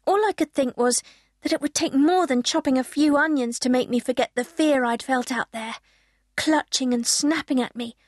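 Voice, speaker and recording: A woman's voice: high-pitched, moderate pace, dry recording, clean studio sound. A woman narrating a children's audiobook in the first person, telling it expressively.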